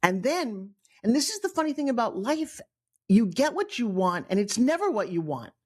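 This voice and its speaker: A middle-aged woman from New York with a New York accent, telling her own life story on a podcast in an animated way, acting out the people she quotes. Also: on the high side, normal speed, husky. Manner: animated, acts out quoted voices, frequent restarts. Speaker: guest storyteller.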